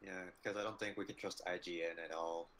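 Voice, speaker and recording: Rambling young man with a low, bright voice. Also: level tone, fairly quick, slight background noise. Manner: rambling, heavy use of "like", trailing phrases. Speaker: co-host on a livestream. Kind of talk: casual livestream chat.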